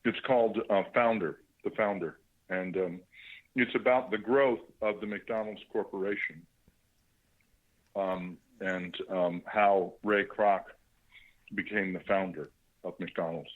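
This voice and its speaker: A middle-aged man, a guest actor calling in to a radio show, chatting in a halting way with lots of fillers and restarts. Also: low-pitched, fairly even intonation. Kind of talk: phone interview on a radio show. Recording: muffled phone line.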